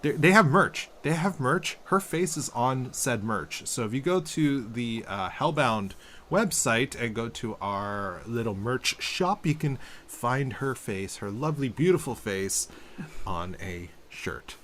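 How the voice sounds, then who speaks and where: A man in his thirties hosting a podcast in casual chat, animated and rambling, with many restarts. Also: mid-range voice, a little slow, slight background noise. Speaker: podcast host.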